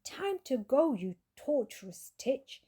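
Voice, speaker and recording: An itchy, exasperated tomcat, voiced by a woman reading aloud speaks in huffy, indignant bursts. His voice is soft and mellow underneath the fuss. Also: mid-range voice, unhurried, husky. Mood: determined. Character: itchy, exasperated male house cat. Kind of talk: storybook character voice.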